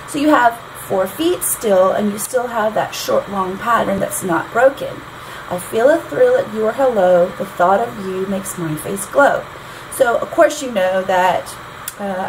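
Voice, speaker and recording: A woman's voice: mid-range voice, a little slow. A woman teaching songwriting in a chatty, explanatory way, tapping out rhythms aloud as she goes. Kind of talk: explanatory lesson. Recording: noticeable background noise.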